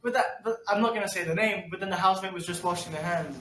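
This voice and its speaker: A man's voice: sits high, fast, bright, forceful tone, slight background noise. A young man guest on a podcast, chatting casually in an easygoing way, often trailing off and restarting. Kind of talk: casual chat. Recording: roomy sound from far off mic.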